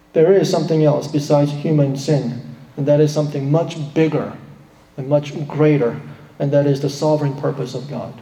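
A man preaching a sermon, emphatic, acting out the quoted lines in a raised voice. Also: dark tone. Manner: emphatic preaching, acts out quotes with rising pitch. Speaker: pastor. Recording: roomy hall with long reverb.

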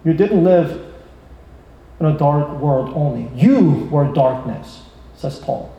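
A man preaching a sermon, emphatic, rising and slowing down to stress his points. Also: a little high, animated, creaky, lo-fi sound. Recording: echoey hall from far off.

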